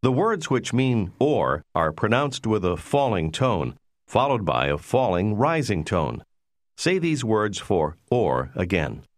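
A man with a fairly low voice narrates a language lesson. His delivery is scripted and instructive, and the pitch moves about a lot as he gives each prompt. The recording is dry and close. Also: big pitch swings, slow, no room sound.

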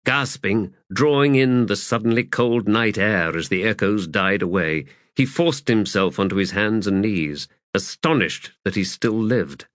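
A male narrator reads fantasy prose in a measured, unhurried voice. His pitch sits in the middle range. The recording is close and dry. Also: fairly bright tone, no room sound. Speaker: audiobook narrator.

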